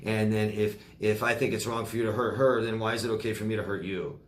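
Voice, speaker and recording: A man's voice: lowish voice, steady tone, quick pace, echoey room. A man, a life coach, answering viewer questions in a loose, rambling way, repeating words and using many fillers. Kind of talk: casual Q&A monologue.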